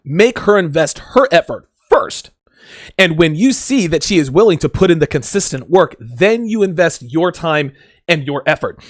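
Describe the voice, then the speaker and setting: A man's voice: fairly high pitch, expressive, normal speed, no room sound, studio quality. A man hosting a podcast, giving dating advice in a blunt, joking, casual monologue with frequent swearing. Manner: acts out quoted voices. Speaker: podcast host.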